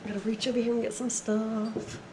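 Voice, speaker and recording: A woman's voice: on the high side, level tone, brisk, noisy background. A woman casually talking through her resale haul, chatty and rambling, her voice a little strained from being sick. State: recovering from illness, voice strained. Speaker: reseller vlogger. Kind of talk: casual haul video talk. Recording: echoey room, faint ambience.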